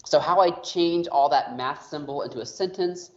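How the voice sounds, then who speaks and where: A man's voice: on the high side, normal speed, a little mellow. A man teaching an online math class, explaining casually with lots of fillers. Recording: roomy, dull lo-fi audio.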